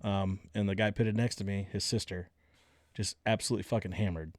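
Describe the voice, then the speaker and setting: A man telling racing stories as a podcast guest, animated and cocky, swearing freely. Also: lowish voice, brisk, no room sound, clean studio sound. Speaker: guest, race car driver. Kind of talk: casual storytelling.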